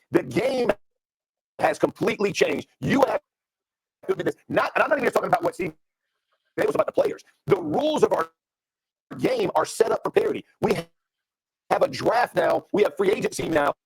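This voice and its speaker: Husky gravelly man giving sports analysis. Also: high voice, big pitch swings, brisk, long pauses, dry recording, rough recording. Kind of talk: sports talk show commentary.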